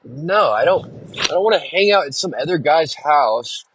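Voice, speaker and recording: A man's voice: fairly high pitch, lively intonation, moderate pace, a bit bright, husky, no room sound. A man hosting a solo podcast, rambling casually and venting with a lot of swearing. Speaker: podcast host and musician.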